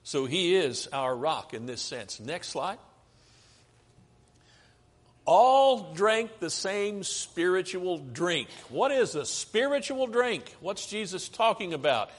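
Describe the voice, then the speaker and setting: Male preacher, somewhat high voice, teaching a sermon with questions to the pews, long reverb of a church hall. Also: sing-song, takes it slowly. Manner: asks the congregation questions and answers them himself. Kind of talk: sermon with slides. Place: church sanctuary.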